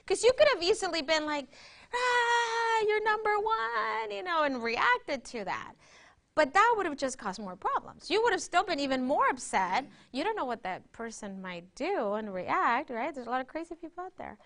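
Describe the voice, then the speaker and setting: High-voiced woman leading a breathing exercise. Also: big pitch swings, moderate pace, a bit bright. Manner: interactive, keeps checking in with "right?". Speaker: workshop presenter. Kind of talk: guided breathing and conversational teaching.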